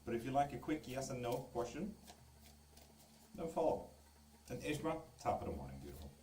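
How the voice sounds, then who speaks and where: A man's voice: medium pitch, very animated, fairly quick, darkish tone, recorded from a distance, slight background noise. A man doing a casual live stream as a tarot reader, joking and swearing freely as he answers viewers. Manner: loose, joking, swears freely while reading viewer comments. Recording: echoey room, voice away from the mic.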